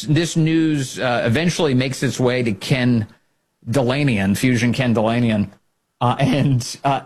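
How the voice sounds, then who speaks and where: Husky sarcastic male commentary host. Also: medium pitch. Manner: mocking, incredulous, rhetorical questions.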